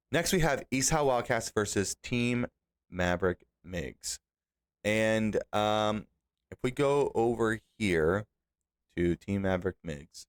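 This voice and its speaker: A young man with a fairly low voice talks through a fantasy football recap on his own. He gets animated and exasperated as he scolds the team managers over their lineups. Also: smooth. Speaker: podcast host.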